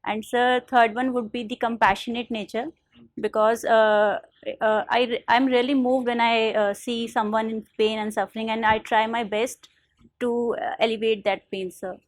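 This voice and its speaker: A young woman from India answering a formal interview panel politely, often saying "sir" and pausing with fillers. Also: on the high side, flat delivery, dry recording. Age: young adult. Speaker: interview candidate.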